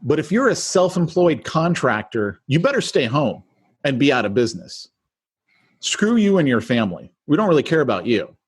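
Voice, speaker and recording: A man's voice: fairly high pitch, sing-song, moderate pace, husky. A man co-hosting a podcast, talking in a heated, ranting way in casual chat. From California. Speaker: podcast co-host.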